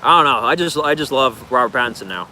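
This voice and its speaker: A man's voice: mid-range voice, expressive, quick pace, sharp tone, slight background noise, low-quality recording. A man casually answering viewer questions on a livestream, rambling in a laid-back way with plenty of filler words.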